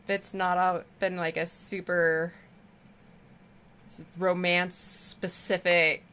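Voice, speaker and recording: This woman streamer talks casually and affectionately with her viewers during a game, rambling as she goes. She has a mid-range, fairly bright voice.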